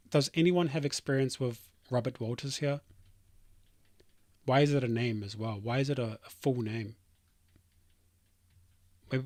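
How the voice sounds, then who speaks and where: A man on a livestream, talking through companies and reading his chat aloud, rambling and brushing comments off. His voice is mid-pitched and sits dry and close on a desk mic. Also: no room sound. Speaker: streamer and software developer.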